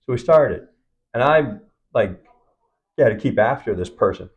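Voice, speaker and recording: Animated man telling a story. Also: medium pitch, a little slow, highs cut off. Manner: animated storytelling, acts out quoted dialogue. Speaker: film producer. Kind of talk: on-set interview. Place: event set.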